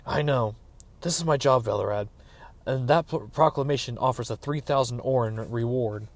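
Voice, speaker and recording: A man reading aloud, voicing a calm, terse monster hunter who speaks quietly and flatly. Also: medium pitch, normal speed, lightly acted. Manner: quiet, flat, clipped. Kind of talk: dramatic audiobook reading.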